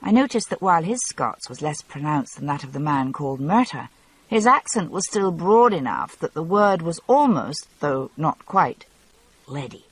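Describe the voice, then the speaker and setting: A woman narrating a novel audiobook in the first person, measured and wry. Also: deep voice, big pitch swings, slightly rough, low-quality recording.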